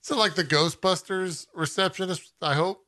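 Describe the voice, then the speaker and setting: A man hosting a podcast in casual chat, curious and quick to laugh, asking lots of questions. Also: high-pitched, steady tone, bright, forceful tone. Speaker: podcast host.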